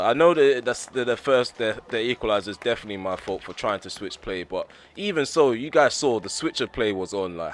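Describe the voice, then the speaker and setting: A man commentating on his own football video game, quick to rant at the referee. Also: on the low side, fairly bright tone. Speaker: gaming YouTuber. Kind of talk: live gameplay commentary.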